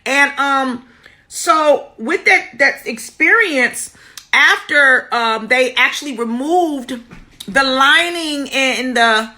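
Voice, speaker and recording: High bright-voiced woman sharing testimony. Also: animated, takes it slowly. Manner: personal, greets viewers by name mid-story; earnest, repeats key words for emphasis. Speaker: womb healing teacher. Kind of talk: live stream testimony and teaching.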